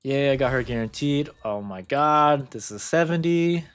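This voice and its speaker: A man's voice: medium pitch, expressive, moderate pace, a bit bright, clear, resonant tone. A man in casual gaming commentary, muttering counts and ranting in bursts of swearing. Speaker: gacha game content creator.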